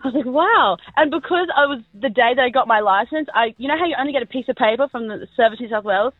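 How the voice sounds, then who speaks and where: Brief: 20s Australian woman caller, slightly high voice, dry phone-line sound. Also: expressive, fast talker, no room sound. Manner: chatty, filler-heavy storytelling. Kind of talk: telling a story on air.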